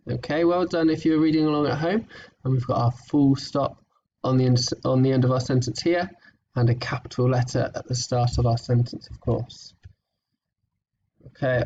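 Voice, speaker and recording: A man teaching a recorded phonics lesson to young children, encouraging and patient, sounding words out slowly. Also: medium pitch, a little mellow, distant mic, muffled recording, slight background noise.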